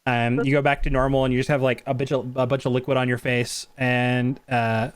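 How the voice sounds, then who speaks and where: Fast-talking man running a tabletop game. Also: mid-range voice, clear, resonant tone. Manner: quick, animated narration with laughs. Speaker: dungeon master.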